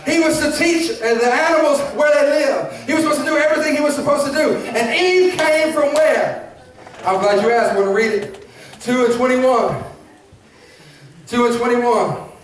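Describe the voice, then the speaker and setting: High-voiced shouting preacher in an echoey church. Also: male voice. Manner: preaching with call-and-response asides; shouting and laughing, lively delivery. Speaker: pastor. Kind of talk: sermon. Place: church sanctuary. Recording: very echoey church hall, mic at a distance.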